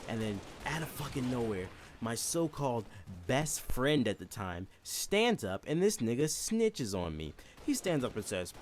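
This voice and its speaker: A man's voice: medium pitch, big pitch swings, fast, slight background noise. A young man telling a comedic story in a casual, profane way, laughing often and mimicking voices.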